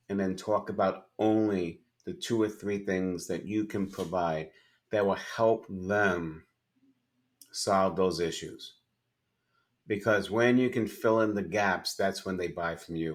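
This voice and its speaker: A middle-aged man with a fairly low voice gives advice as an interview guest. He talks emphatically and slips into acted-out dialogue when he tells a story. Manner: emphatic, acts out dialogue in anecdotes. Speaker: podcast guest, sales and leadership speaker.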